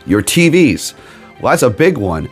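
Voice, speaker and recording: A man's voice: medium pitch, big pitch swings, unhurried, husky, faint music behind. A man on a gaming video channel, rambling emphatically in a casual rant with sarcastic asides. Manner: rambling, emphatic, keeps tagging "okay?". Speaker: gaming YouTuber.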